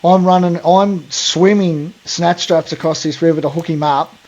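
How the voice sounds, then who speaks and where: Aussie guy rambling thru a story, lots of slang and fillers, warm mellow voice. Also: a little high, fairly even intonation, moderate pace, highs cut off. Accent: Australian. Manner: rambling, slangy yarn-telling with frequent fillers. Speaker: podcast host. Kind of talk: casual storytelling.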